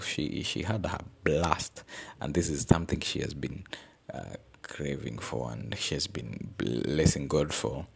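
A man's voice: rumbling low, vocal fry, husky. A young adult man, telling a personal story in an earnest, reflective way as a podcast host. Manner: earnest, reflective, searching for words.

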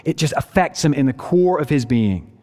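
A man preaching a sermon in an earnest, emphatic way, speeding up and slowing down to stress his points. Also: on the high side, lively intonation, dark tone. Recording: preached in a reverberant hall.

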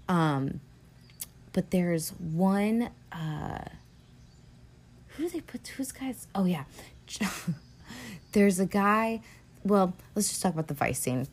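A woman hosting a podcast, recapping a film in a rambling, casual way with lots of fillers and swearing. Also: on the low side. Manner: rambling, profane, filler-heavy. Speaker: podcast host.

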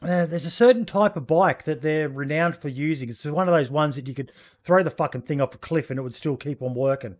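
A man's voice: fairly high pitch, fairly quick, few pauses. Laid-back sweary Australian man. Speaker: podcast co-host. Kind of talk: casual chat.

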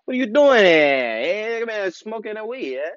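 A man's voice: sits high, sing-song, normal speed, a bit bright, dry recording, dull audio, voice pushed up. A man putting on a tough New York Italian mobster with a menacing gangster manner and a mock New York Italian accent. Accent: New York Italian put-on.

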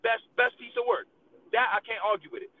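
A man's voice: very high-pitched, a little fast. A man hosting a casual talk show, ranting in a heated, profane and emphatic way and mixing in Spanish phrases. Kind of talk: casual opinion rant. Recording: tinny phone-like audio.

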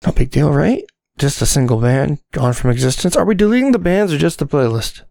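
A man's voice: fairly high pitch, expressive, brisk, creaky, mellow, no room sound. A man hosting a podcast in casual joking chat, goofy, bossy and mock-grandiose. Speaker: podcast host. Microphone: dynamic mic.

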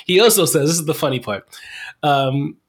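A man's voice: fairly high pitch, expressive, normal speed, breathy edge. A man hosting a casual soccer podcast, swearing freely, laughing, and stumbling over foreign names. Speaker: podcast host.

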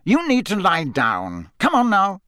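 A man voicing a gruff, battle-worn older male ex-soldier in a storybook reading, brusque and coaxing. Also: high voice, wildly swooping pitch, a little slow, bright, forceful tone, no room sound, studio quality, pitched above the performer's own voice, exaggerated voice.

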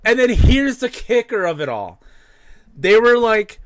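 A man's voice: sits high, very animated, a little slow, fairly bright tone, dry recording, clean studio sound. A man co-hosting a podcast, ranting casually and swearing freely. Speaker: podcast co-host. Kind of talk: casual rant.

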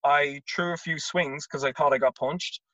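Bright-voiced Irish man telling a story. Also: fairly high pitch, moderate pace, no echo, highs cut off. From Ireland. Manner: animated storyteller, repeats words, acts out quotes. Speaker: guest, former college tennis player. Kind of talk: casual storytelling interview.

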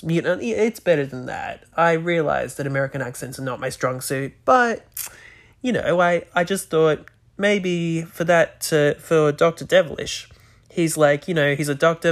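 A man hosting a podcast in easygoing, casual chat. His voice is somewhat high with a gravelly texture. He rambles and keeps restarting his sentences as he thinks aloud. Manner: rambling, hesitant, many restarts. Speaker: podcast host.

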